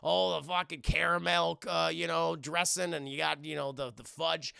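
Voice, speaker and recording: A man streaming a profane, animated film recap to his live chat, acting out scenes and swearing often. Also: on the high side, normal speed, gravelly, clear, resonant tone, no room sound, clean studio sound. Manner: animated, acts out scenes in shouted voices, swears a lot.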